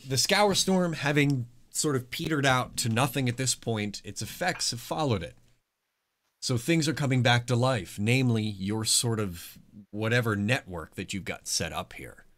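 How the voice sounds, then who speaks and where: Casual male game master narrating. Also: mid-range voice. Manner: relaxed narration with casual filler.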